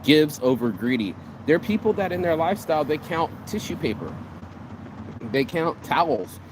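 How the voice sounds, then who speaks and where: A man's voice: a little high, sing-song, normal speed. Profane, rambling man ranting outdoors. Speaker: vlog host. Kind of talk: casual motivational rant. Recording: outdoor street with passing traffic.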